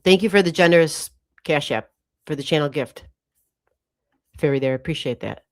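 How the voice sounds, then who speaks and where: A woman's voice: sits low, normal speed. A woman hosting a livestream astrology reading, rambling casually and correcting herself as she talks to viewers.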